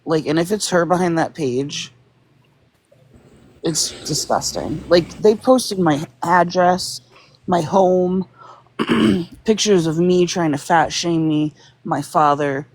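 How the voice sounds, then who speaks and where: A woman's voice: lowish voice, takes it slowly, a little mellow. A young adult woman on a livestream chat, upset and venting in a casual way. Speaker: live stream participant.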